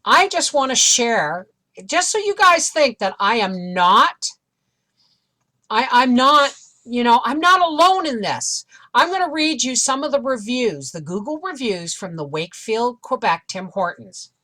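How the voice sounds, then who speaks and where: Middle-aged woman vlogging, kinda high bright voice, animated and exasperated storytelling. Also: measured pace. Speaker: homestead vlogger. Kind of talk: casual storytelling.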